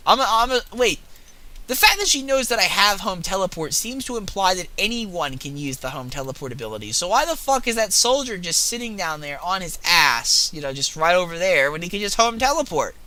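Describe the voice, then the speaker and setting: A young man giving casual, profane, excitable commentary while playing a video game. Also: high-pitched, a little fast, a little hiss or hum. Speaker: gaming video host.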